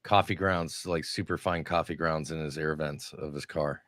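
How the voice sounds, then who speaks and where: A man's voice: a bass voice, fairly even intonation, moderate pace, a bit bright, no echo, clean studio sound. A man co-hosting a casual show, teasing his friend in a mischievous way. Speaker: podcast co-host. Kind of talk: casual banter.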